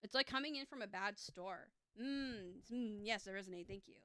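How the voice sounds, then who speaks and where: A woman's voice: mid-range voice, normal speed, pushed and bright, clear, resonant tone, dry recording. A woman giving a live tarot reading, chatty and upbeat, with lots of fillers, speaking close to a streaming mic.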